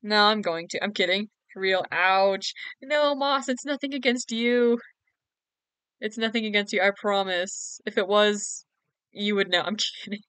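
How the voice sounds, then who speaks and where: A woman's voice: medium pitch, fairly bright tone, smooth, no room sound. A young woman chatting casually on a late-night game stream, giggly, teasing and sleepy. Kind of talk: casual live-stream chat.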